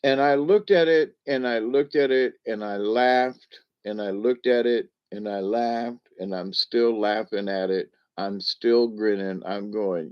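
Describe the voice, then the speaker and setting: Slow, amused man in his seventies. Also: mid-range voice, lively intonation, highs cut off. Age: 70s. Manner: amused, chuckles often, rambling with restarts. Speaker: livestream host reading chat. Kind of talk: casual rambling livestream chat.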